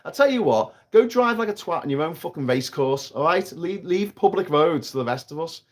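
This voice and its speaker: A man's voice: a little high, expressive, a little fast. Sweary British man ranting on a livestream. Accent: British English. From Britain. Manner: sweary, heated ranting with frequent restarts. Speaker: livestream host. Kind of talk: casual live-stream rant. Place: outdoors on an island by water.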